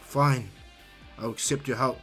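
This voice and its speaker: A man's voice: mid-range voice, steady tone, a little slow, gravelly, pushed and bright, soft background music. A man voicing a sullen, proud teenage ninja boy who answers curtly and grudgingly. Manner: grudging, curt.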